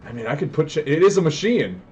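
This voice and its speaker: A man commentating his own card game live, excitable and prone to yelling and tangents. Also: a little high, fast, highs cut off, faint music behind. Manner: excitable, yells in bursts, goes on tangents.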